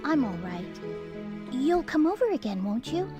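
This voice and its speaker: A woman voicing a gentle, polite young woman in a video game, speaking softly and earnestly. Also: high-pitched, big pitch swings, normal speed, soft background music.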